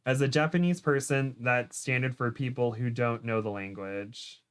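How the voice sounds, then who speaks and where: A man's voice: mid-range voice, fairly even intonation, moderate pace, clean tone. A young man chatting as a podcast guest, giggly and self-deprecating. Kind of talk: casual chat.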